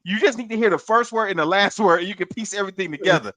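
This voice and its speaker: A man's voice: high-pitched, racing, dry recording. A middle-aged man in casual podcast chat, giving advice and repeating himself as he talks. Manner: animated, repeats words, gives advice. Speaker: podcast co-host.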